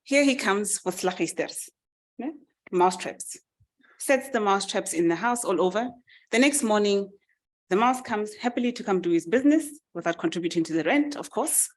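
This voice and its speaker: Lively woman telling a fable. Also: mid-range voice, moderate pace. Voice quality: lively, animated narration. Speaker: summit speaker. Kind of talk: storytelling speech.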